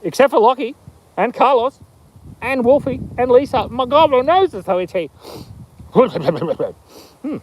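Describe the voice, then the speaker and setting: Middle-aged Australian host, high animated voice, joking casually on a live phone stream outdoors. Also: male voice, unhurried, pauses often, a little hiss or hum, rough recording. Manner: playful, rambling, tells jokes and reads chat aloud. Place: outdoors in the bush.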